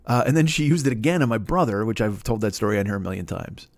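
A Chicago-area man in his fifties hosts a solo comedy podcast, ranting fast in a fairly low, expressive voice. His delivery rambles, swears freely, and pokes fun at himself.

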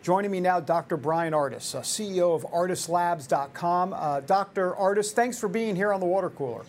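A man hosting a political talk show, animated and jokey, with quick asides. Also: sits high, a little hiss or hum.

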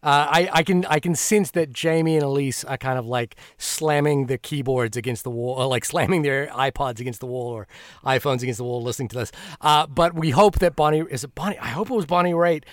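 A man's voice: medium pitch, brisk, dry recording, studio quality. A man co-hosting a film podcast in casual chat, joking wryly and musing thoughtfully. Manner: wry, jokey, thoughtful. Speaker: podcast co-host.

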